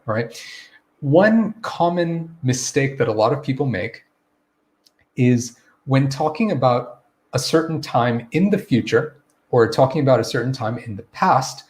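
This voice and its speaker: A man teaching a live online English grammar and pronunciation lesson. He is relaxed and encouraging, greets viewers by name, and checks understanding with a quick "okay?". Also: mid-range voice.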